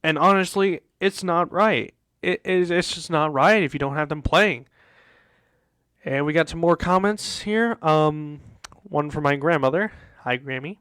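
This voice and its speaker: Guy hosting a sports show, fired up and ranting, says stuff over and over, pretty high voice. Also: unhurried, fairly bright tone, smooth, dry recording. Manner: exasperated ranting, repeats himself. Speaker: host. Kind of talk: casual sports talk show.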